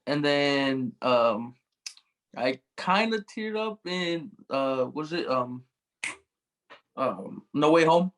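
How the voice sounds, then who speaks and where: A man appearing as a podcast guest in casual chat, hesitant and halting with many "um"s. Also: on the high side, expressive, a bit bright, low-quality recording.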